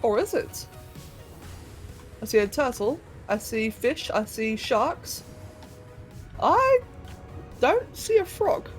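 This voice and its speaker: A woman's voice: on the high side, very animated, takes it slowly, long pauses, faint music behind. Chatty British woman streaming a game. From Britain. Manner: chatty, giggly, talks to chat. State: sore throat. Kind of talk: casual live-stream chat while gaming.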